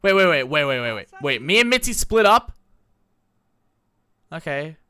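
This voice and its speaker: A young adult commentating a life-simulation game in a casual, slangy, excitable way, laughing often. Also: medium pitch, moderate pace. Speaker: gameplay commentator. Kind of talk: casual Let's Play commentary.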